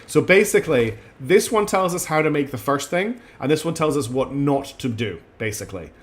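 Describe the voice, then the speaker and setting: A man's voice: on the high side, lively intonation, fairly quick. Chatty male gamer narrating play. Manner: chatty, many ums and restarts, apologetic asides. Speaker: streamer playing a video game. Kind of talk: casual gameplay commentary, reading dialogue aloud.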